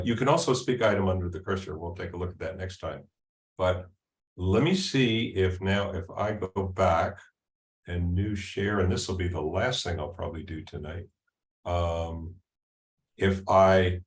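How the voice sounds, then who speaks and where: Low-voiced man giving a casual demo. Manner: halting, with frequent ums and restarts. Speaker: presenter at a user group meeting. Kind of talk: casual live software demo. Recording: echoey room sound.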